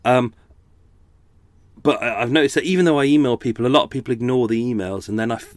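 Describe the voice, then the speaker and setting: Man, middle-aged, podcast host, tired, rambling, restarts sentences, mid-pitched voice, dry room. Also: fast talker, no room sound. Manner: rambling, self-correcting, chatty. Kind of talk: casual chat. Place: at home indoors.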